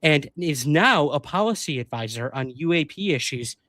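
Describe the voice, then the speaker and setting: A man's voice: a little high, animated, normal speed, fairly bright tone, dry recording. Chatty self-deprecating male live-stream host. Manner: chatty and self-deprecating, reads news aloud. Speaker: podcast co-host. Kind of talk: casual live-stream chat.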